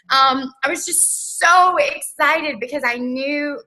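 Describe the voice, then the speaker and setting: Woman, bright voice, slightly high, earnest, chatty with lots of "um" and "like", interview guest. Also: steady tone, unhurried, few pauses, rough recording. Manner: earnest, filler-heavy, with frequent "like" and "um". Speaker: interview guest, network marketer. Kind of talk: casual interview storytelling.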